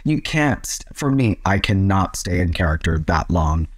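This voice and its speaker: Lively man telling stories, dry sound. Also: deep voice, normal speed, no room sound. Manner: lively storyteller, acts out quotes. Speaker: actor, podcast guest. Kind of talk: casual interview chat.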